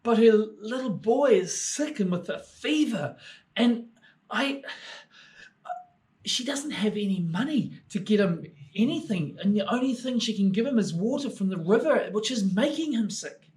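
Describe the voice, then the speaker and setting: A man voicing a sorrowful, gentle statue of a prince in a children's story, talking softly. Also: sits high, expressive, measured pace, pitched above the performer's own voice. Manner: soft, sad and imploring.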